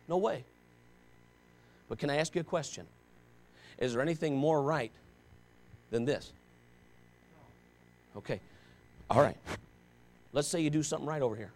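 A man's voice: fairly high pitch, expressive, normal speed, long pauses, a little mellow. A pastor preaching a sermon to his congregation, talking straight at them in an impassioned, conversational way and pressing them with rhetorical questions.

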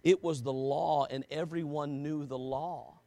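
A man preaching with a fairly high, gravelly voice. He drops low and quiet, then rises to shouted emphasis and piles up rhetorical questions. The sound is dry and close. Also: steady tone, unhurried, dry recording. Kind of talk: sermon.

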